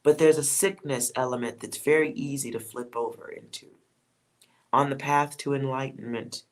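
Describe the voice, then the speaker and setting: A man in a middle pitch gives a casual tarot reading to his viewers. He talks bluntly and preachily and swears freely. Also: fairly even intonation, normal speed. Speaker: tarot reader.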